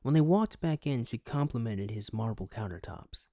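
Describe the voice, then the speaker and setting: A man reading a news article aloud and breaking off into sarcastic, deadpan comic asides. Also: mid-range voice, normal speed, no echo. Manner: sarcastic, deadpan asides between read passages. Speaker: commentary YouTuber.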